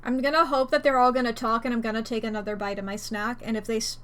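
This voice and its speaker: A woman's voice: a little high, level tone, quick pace, fairly bright tone. A woman streamer chatting casually with her audience, playful and rambling, often laughing and eating a snack between sentences. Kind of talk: casual live-stream chat. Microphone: desk microphone.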